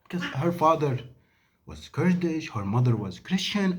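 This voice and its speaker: A Syrian vlogger in his thirties, a native Arabic speaker, talks to camera in an angry, impassioned monologue packed with rhetorical questions. His voice is slightly high and sing-song, and he keeps a measured pace.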